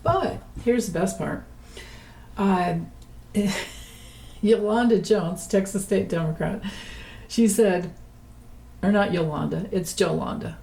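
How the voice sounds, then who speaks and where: A woman's voice: mid-range voice, slow pace, vocal fry, long pauses, mellow, rough recording. A woman giving a casual political tarot reading, chatty and rambling, often laughing between points. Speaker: tarot reader.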